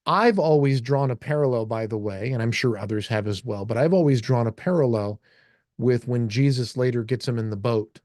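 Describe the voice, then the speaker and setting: A man's voice: medium pitch, a little fast, a little mellow, dry recording. A man co-hosting a casual talk with a mid-range voice. He rambles loosely, restarts his sentences and slips into quoted dialogue. The sound is dry and close, with little room around it. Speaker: co-host. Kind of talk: casual discussion.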